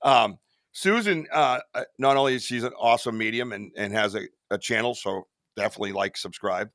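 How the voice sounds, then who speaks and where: Hosting a live podcast, a man rambles casually, swearing loosely and laughing at his own stories. His lowish voice is bright and forward and fairly quick. A close, dry mic leaves no room sound or echo.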